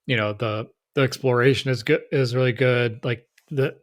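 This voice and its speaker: A man's voice: medium pitch, fairly even intonation, normal speed. Chill guy on a podcast, mid voice, kinda hesitant, short answers. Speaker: podcast co-host. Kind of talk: casual chat.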